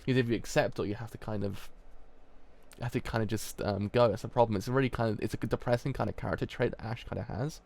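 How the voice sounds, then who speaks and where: A man's voice: fairly low pitch, steady tone, fast, gravelly, a little mellow. A man giving a casual live review, rambling with many restarts and fillers. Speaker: manga reviewer.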